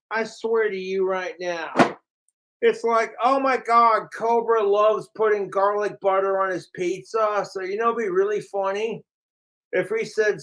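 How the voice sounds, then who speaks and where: A man's voice: high voice, a bit bright, rough recording. A man ranting casually to camera, profane and mocking about his trolls. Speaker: vlogger.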